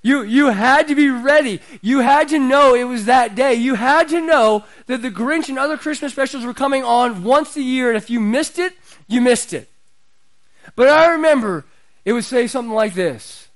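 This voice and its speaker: Middle-aged male pastor, high voice, chatty sermon that swells in volume. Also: expressive, normal speed. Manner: conversational preaching, builds in pitch and loudness.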